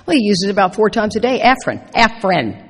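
A middle-aged woman shares a personal story from the stage of a large convention hall. She talks in a lively, animated way, acting out what she said and laughing along. Her voice carries a long, echoing reverb. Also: mid-range voice, fairly quick, noisy background. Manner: animated, acts out her own quotes, laughs through the story. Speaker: speaker at a recovery convention.

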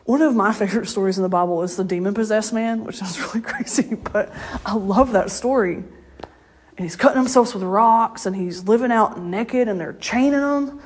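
A woman with a mid-range voice delivers an informal sermon at normal speed. Her preaching is casual and full of stories, told in a conversational way, and she laughs often.

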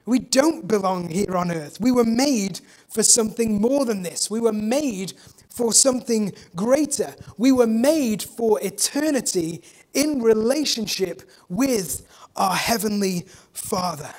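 A preacher giving a conversational sermon, repeating key phrases for emphasis, with relaxed, chatty asides. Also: mid-range voice, measured pace.

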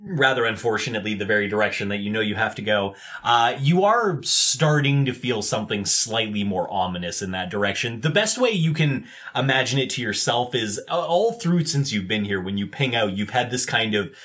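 Male game master, slightly low voice, easygoing scene narration with lots of fillers. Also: lively intonation, a little fast, few pauses, a bit bright. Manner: loose and descriptive, lots of fillers.

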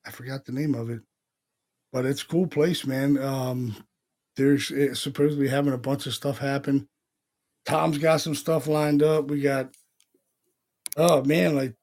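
A man co-hosting a podcast, telling stories in casual chat, animated, with slang and swearing. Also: on the high side, measured pace. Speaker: podcast co-host.

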